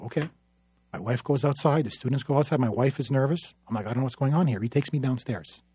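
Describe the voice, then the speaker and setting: A man's voice: medium pitch, fast talker, husky, dry recording. A man, a newspaper columnist, telling a story in an impassioned public speech, emphatic and dramatic. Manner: emphatic, dramatic, building to forceful peaks.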